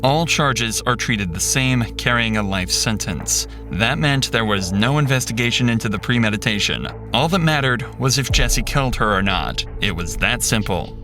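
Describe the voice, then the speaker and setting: A man narrating a true crime story in a measured, grave, scripted manner. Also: mid-range voice, animated. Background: background music.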